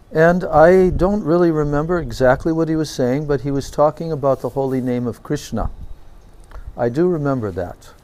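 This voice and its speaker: A man, a swami, recounting a personal memory in a slow and reverent devotional talk. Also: on the high side, warm tone. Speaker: swami giving a spiritual talk. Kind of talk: devotional storytelling lecture.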